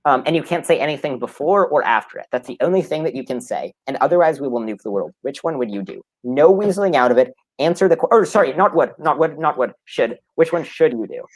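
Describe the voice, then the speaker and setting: A man's voice: on the high side, lively intonation, fast talker, few pauses. A man debating, insistently pressing his opponent and repeating his demands for an answer. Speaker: debater arguing against a belief. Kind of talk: heated live debate.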